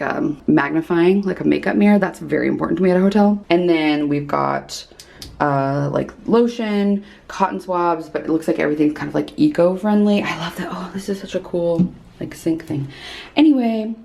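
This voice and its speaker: A woman chatting casually in a lifestyle vlog from her hotel room, her voice going hoarse, with lots of fillers. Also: low voice, moderate pace, a little mellow. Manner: chatty, filler-heavy, upbeat. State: losing her voice. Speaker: lifestyle vlogger.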